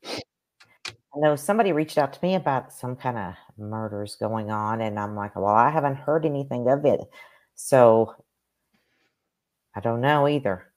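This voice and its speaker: A woman with a very low voice talks casually on a live stream as a psychic medium. She rambles and hesitates, using many fillers. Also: lively intonation, measured pace, long pauses, a little mellow.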